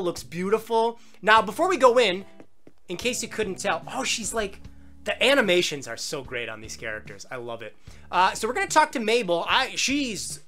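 Man, gaming host, excitable, jokey, lively swooping pitch, faint background music. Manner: excitable, jokey, talks to game characters. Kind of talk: casual gameplay commentary. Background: faint game music.

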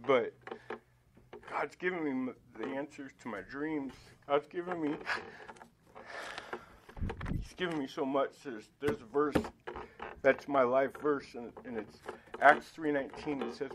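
Man giving a halting church testimony. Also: medium pitch, noisy background. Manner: halting, emotional, many fillers and restarts. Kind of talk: personal testimony at Sunday school. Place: church Sunday school room.

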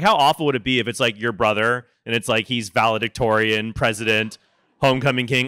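A man in his thirties gives a lively conference talk, breaking into quoted voices as he tells his stories. His voice is bright and crisp, and the recording is dry and close. He speaks to a live audience. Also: mid-range voice, no room sound.

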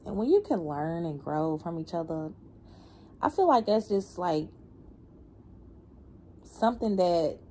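A woman giving a casual spiritual card reading, animated and slangy, humming and laughing between lines. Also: on the low side, a little hiss or hum. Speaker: tarot reader.

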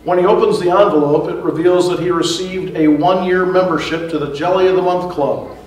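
A man's voice: sits high, steady tone, a little fast, a little mellow. A man giving a conversational sermon as pastor, chuckling at his own asides. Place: church sanctuary. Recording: echoey church hall, mic far off.

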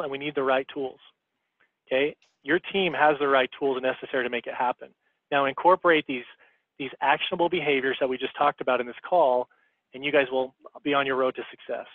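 Guest-speaking on a team call, a man with a slightly high voice gives a motivational talk, coaching his listeners and checking in with "okay?". The audio comes through a tinny phone line with no room sound.

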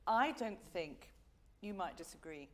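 A woman's voice: on the low side, animated, a little slow. A middle-aged English woman teaching a vocal masterclass, encouraging and demonstrating phrases aloud.

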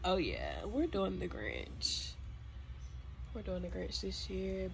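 A woman talking casually to her phone as she shops, gasping, squealing and swearing in excitement. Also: lowish voice, takes it slowly, creaky. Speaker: vlogger. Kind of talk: casual shopping vlog. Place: in a large store. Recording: noisy store ambience.

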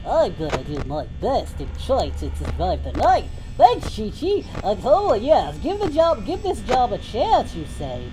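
A woman streaming a horror game in character as a cheerful, naive male hero, yelling and pleading at the monsters on screen. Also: a little high, wildly swooping pitch, unhurried, hardly any pauses, noisy background. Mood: goofy. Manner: jumpy, yelling and pleading at the game's animatronics.

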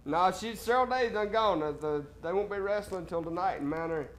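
A man hosts a local call-in show with a high voice and easy drawl. He banters and laughs freely with callers over a faint background hiss. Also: a little fast.

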